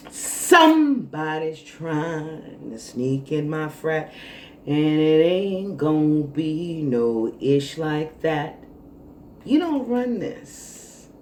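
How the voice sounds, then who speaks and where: A woman vlogger telling a story in a casual monologue, animated, dramatic and sassy. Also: fairly low pitch. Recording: roomy echo, faint noise.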